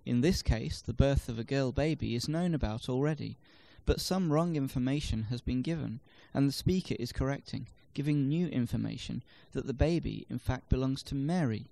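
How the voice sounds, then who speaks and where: Gravelly, mellow-voiced man reading a lesson. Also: mid-range voice. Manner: measured, explanatory reading with demonstrated stress. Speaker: language lesson narrator. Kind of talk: scripted instructional narration.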